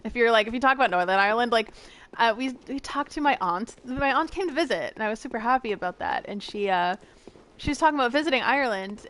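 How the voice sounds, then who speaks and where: A woman's voice: on the high side, lively intonation, fast, a bit bright. A young American woman streaming a game, chatting casually with viewers in a giggly, rambling way. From United States. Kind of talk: casual gameplay chat with viewers.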